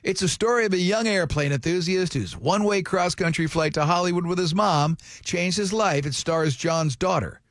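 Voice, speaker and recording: A man's voice: high-pitched, normal speed, hardly any pauses, a bit bright, no echo, studio quality. A man hosting a morning radio show, chatting and teasing his co-hosts in casual banter. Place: radio studio. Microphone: studio microphone.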